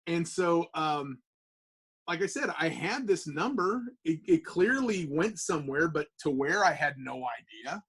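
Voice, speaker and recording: Guy with a high-ish voice rambling thru a story on a podcast, swears a lot, super animated. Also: unhurried, husky. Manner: animated, profane, rambling with many fillers. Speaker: comic book artist, podcast guest. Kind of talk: casual anecdote-telling.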